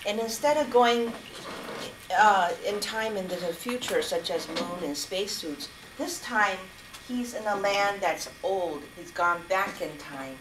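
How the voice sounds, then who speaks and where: A woman's voice: medium pitch, measured pace. Woman telling a tale in an echoey room. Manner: gentle, with fillers and restarts. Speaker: club member telling an improvised story. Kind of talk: improvised storytelling. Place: meeting room. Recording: echoey room, distant mic, noise.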